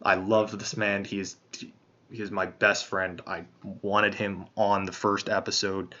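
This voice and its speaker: A man with a bright, forceful voice tells a long personal story in loose, profane podcast chat. He rambles and circles back while he thinks out loud. The sound is dull and lo-fi. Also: fairly low pitch, little pitch movement, unhurried. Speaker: podcast host.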